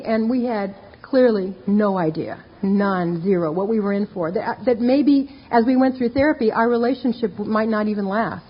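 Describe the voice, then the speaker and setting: A woman's voice: fairly high pitch, brisk, few pauses. A woman giving a candid, self-mocking personal testimony to an audience, acting out the dialogue. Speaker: speaker sharing her recovery story. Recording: dull lo-fi tape recording.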